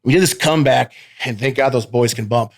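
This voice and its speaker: This professional wrestler's voice is mid-range and brisk, with vocal fry, as he sits for a relaxed studio interview. Loose and rowdy, he swears freely, laughs constantly, and refers to the host as "babe".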